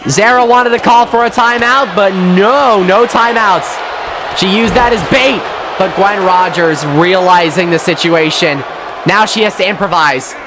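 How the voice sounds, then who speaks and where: A man doing excitable, sweary play-by-play commentary on a wrestling match, often shouting at the action. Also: high-pitched, unhurried, noisy background. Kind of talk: play-by-play video game commentary.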